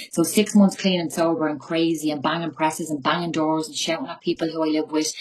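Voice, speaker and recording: Speaking in a deep voice over poor audio, a Tipperary woman from Ireland in her forties shares her recovery story from her bedroom. It's raw and emotional, and she swears freely as a recovery meeting speaker.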